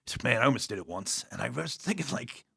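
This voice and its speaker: A man speaks quickly in a gravelly voice, recorded dry and close in a podcast studio. He tells his police stories casually, with profanity, rambling asides and acted-out quoted dialogue. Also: mid-range voice, pushed and bright, dry recording. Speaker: podcast guest, police officer. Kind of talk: casual storytelling.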